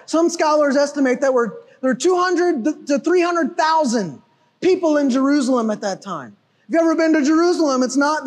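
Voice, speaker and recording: A man preaching a sermon with an animated, emphatic delivery that often rises to shouting. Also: extremely high pitch, long reverb tail. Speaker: pastor.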